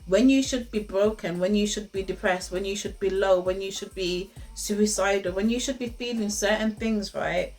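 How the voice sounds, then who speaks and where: A woman's voice: mid-range voice, moderate pace, few pauses, a little mellow. Woman, young adult, casual advice talk, repeats phrases, laughs often, faint music behind. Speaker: host giving relationship advice. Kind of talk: casual motivational talk to camera.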